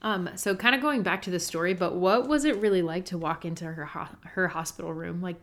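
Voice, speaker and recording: A woman with a lowish voice, interviewing her co-host on a faith podcast. She asks gentle questions and often pauses on fillers as she searches for words.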